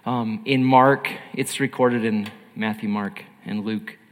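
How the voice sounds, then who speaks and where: A man preaching a sermon in an earnest, emphatic way, swinging between loud and hushed. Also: fairly low pitch, fairly even intonation, takes it slowly, long reverb tail.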